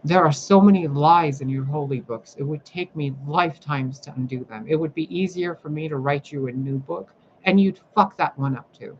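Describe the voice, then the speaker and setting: A woman's voice: low-pitched, normal speed, hardly any pauses, a little mellow, highs cut off, a little hiss or hum. A woman livestreaming a blunt, sarcastic monologue, scolding her viewers and swearing freely. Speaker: spiritual livestreamer.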